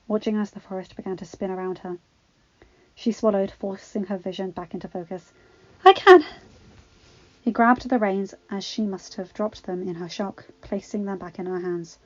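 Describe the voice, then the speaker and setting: A woman narrating a fan-fiction story in a steady, expressive reading. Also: mid-range voice. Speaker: audiobook reader. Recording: dull lo-fi recording with faint music.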